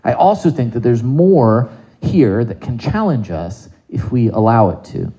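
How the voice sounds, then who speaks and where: A man preaching a sermon in a conversational, animated way, asking the congregation rhetorical questions. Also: medium pitch, measured pace, poor audio. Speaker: pastor.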